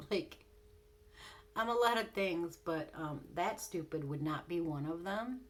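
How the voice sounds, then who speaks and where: Young woman, casual beauty vlogger, blunt and giggly, slow easy delivery, animated pitch. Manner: laughs often, blunt and swears. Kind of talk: casual storytelling while doing makeup.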